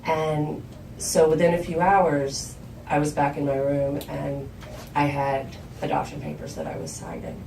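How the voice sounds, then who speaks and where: A woman's voice: lively intonation, a little slow, background noise. Woman storyteller, from South Georgia, candid stage delivery, roomy hall sound, mic set far off. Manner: candid, conversational, acts out quoted lines in a higher voice. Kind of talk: live storytelling performance. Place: live storytelling show venue.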